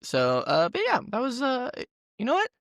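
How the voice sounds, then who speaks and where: A man's voice: very high-pitched, wildly swooping pitch, moderate pace, fairly bright tone, dry recording, clean studio sound. A young man hosting a casual film podcast, rambling and self-mocking. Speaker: podcast host. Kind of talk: casual chat. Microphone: remote call mic.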